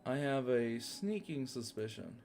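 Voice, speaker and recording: A man's voice: mid-range voice, sing-song, unhurried, gravelly, darkish tone, soft background music. A young man reading fanfiction aloud for laughs, swearing and self-mocking as he comments on it. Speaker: reader reacting to fanfiction.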